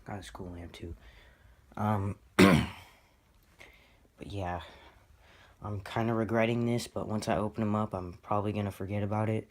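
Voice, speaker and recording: An excitable man rambles through a casual vlog about his collectible figures. His voice sits somewhat low, and he jumps between regret and enthusiasm in a loose, self-mocking way. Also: normal speed, pauses often. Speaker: toy collector vlogger.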